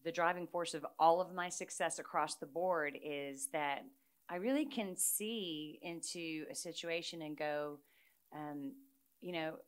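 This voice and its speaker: A middle-aged woman chatting casually as a guest, an animated storyteller who laughs often. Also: sits low, normal speed, clean tone. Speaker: guest musician. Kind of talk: casual chat.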